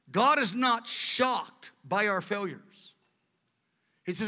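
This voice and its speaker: A man preaching a sermon with earnest, animated delivery, in a large hall. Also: sits high, measured pace. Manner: earnest, acts out quoted voices. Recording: long hall reverb.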